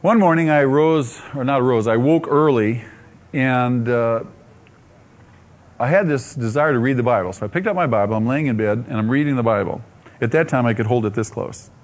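A man preaching, telling his own story with animated delivery, acting out his inner dialogue and laughing often. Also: medium pitch, normal speed. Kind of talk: sermon testimony storytelling.

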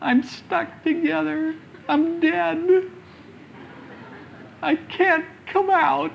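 A man's voice: extremely high pitch, fairly even intonation, extremely slow, vocal fry, dull audio, slight background noise, pitched above the performer's own voice, heavily acted. A man putting on a whimpering dead man in grave wrappings. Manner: whimpering, whiny.

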